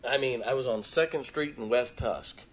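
Man preaching, from Ohio, middle-aged, folksy storytelling, loud emphatic bursts, easygoing asides. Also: mid-range voice, normal speed. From Canton, Ohio. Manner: folksy, frequent fillers and restarts, chuckles. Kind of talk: storytelling sermon.

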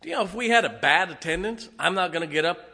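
A pastor preaches in a loose, talky way. His voice is bright and forceful and sits a bit high for a man, and he keeps breaking into chuckles and acted-out quotes. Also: expressive, fast talker, breathy edge. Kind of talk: sermon.

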